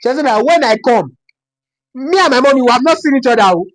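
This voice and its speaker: High and fast, the voice belongs to a young adult storytime vlogger from Nigeria with a Yoruba-inflected accent. The personal story is told in a casual, dramatic manner, with repetition used for effect.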